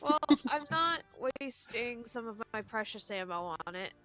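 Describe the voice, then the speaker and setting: A woman playing a tabletop game, wry and easygoing, talking through her moves out loud. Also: on the high side, expressive, unhurried, soft background music. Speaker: player. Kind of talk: casual tabletop game chat.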